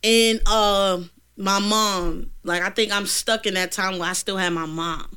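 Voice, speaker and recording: A young woman in a candid chat, speaking slangy and halting, often restarting as she opens up about her feelings. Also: medium pitch, fairly even intonation, pushed and bright, clean tone.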